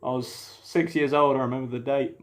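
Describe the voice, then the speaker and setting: A man's voice: mid-range voice, fairly even intonation, a little fast. A young man, co-hosting a casual, jokey podcast chat and telling stories with a lot of slang and laughter. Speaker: podcast co-host.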